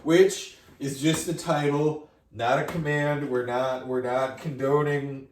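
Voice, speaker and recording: A man's voice: mid-range voice, steady tone, takes it slowly, a little hiss or hum. A man co-hosting a podcast in casual comedic chat, riffing on jokes and laughing along. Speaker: podcast co-host. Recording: echoey room, mic at a distance.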